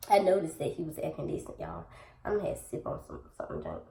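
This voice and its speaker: Young woman, low voice, casual storytelling, talks to viewers, echoey room. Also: wildly swooping pitch, fast talker, creaky, warm tone. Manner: chatty, addresses viewers directly, acts out dialogue. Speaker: vlogger.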